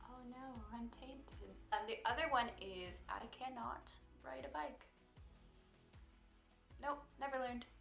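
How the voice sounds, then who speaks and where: A young woman answers get-to-know-me questions in a bright, forceful voice, chatty and playful. Her voice rings a little in an echoey room, with faint music underneath. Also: medium pitch. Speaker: vlogger. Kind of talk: casual Q&A vlog.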